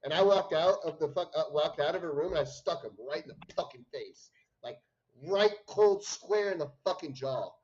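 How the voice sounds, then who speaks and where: A young man chats casually on a livestream, spinning a rambling, swear-filled story. His voice sits a bit high and swings widely in pitch. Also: expressive, normal speed, darkish tone, dull audio. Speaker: stream co-host. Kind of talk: casual chat.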